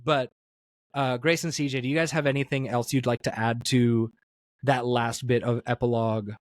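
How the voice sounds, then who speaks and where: A man's voice: mid-range voice, little pitch movement, moderate pace, no echo, studio quality. A man hosting a podcast interview, talking in a rambling way full of fillers and restarts. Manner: rambling, filler-heavy, self-correcting. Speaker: podcast host.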